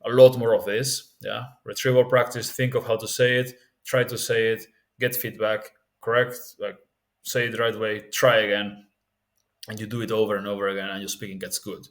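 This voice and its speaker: A man's voice: fairly low pitch, flat delivery, normal speed. A man giving a casual spoken tutorial on learning languages, candid and rambling, often restarting his sentences.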